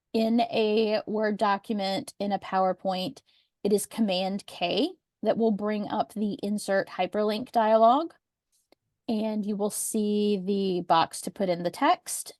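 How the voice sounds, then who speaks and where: A woman's voice: medium pitch, a little mellow, no room sound. A woman presenting a webinar over a video call, explaining document accessibility in a chatty, practical way with the odd sarcastic aside.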